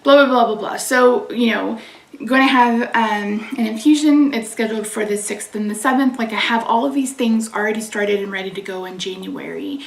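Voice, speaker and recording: A woman's voice: fairly high pitch, moderate pace, vocal fry, echoey room, distant mic. A woman hosting her own channel, venting in casual chat about a frustrating phone call, swearing and reading viewer names aloud. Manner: reads chat names aloud between sentences. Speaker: channel host.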